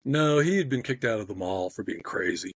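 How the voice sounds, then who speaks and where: A man telling animated stories in casual podcast chat, swearing freely and acting out what people said. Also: lowish voice, brisk, slightly rough, no room sound. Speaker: podcast guest storyteller.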